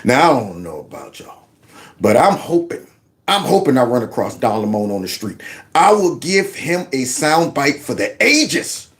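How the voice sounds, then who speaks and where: A man's voice: medium pitch, big pitch swings, moderate pace. A man hosting a casual political commentary show, folksy and mocking, with lots of asides. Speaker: show host.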